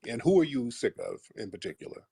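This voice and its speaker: A man hosting a live call-in stream, mocking and insulting his callers bluntly with slow, drawn-out put-downs. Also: mid-range voice, big pitch swings, vocal fry, mellow, breathy edge, no echo. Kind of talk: combative call-in show talk.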